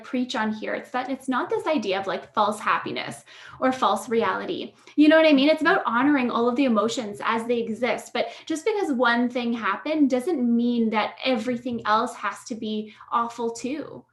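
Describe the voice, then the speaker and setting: A woman hosting a podcast, chatting casually and affirming her guest with frequent ums and you-knows. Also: on the high side. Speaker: podcast host. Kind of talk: casual interview chat. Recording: echoey room.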